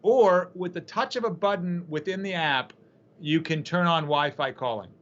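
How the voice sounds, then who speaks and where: A man who performs magic, telling an animated story in a casual chat over a video call from his home studio. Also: fairly high pitch, moderate pace, dull audio. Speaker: magician and app creator.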